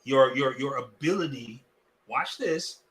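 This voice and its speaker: A male pastor preaching in a lively, folksy way, swinging between loud and hushed delivery with much repetition. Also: mid-range voice, a little slow. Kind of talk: sermon.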